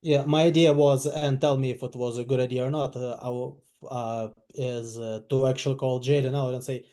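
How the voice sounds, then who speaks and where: Mellow-voiced male sales trainee. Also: mid-range voice, fairly even intonation, moderate pace, few pauses. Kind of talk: sales role-play practice.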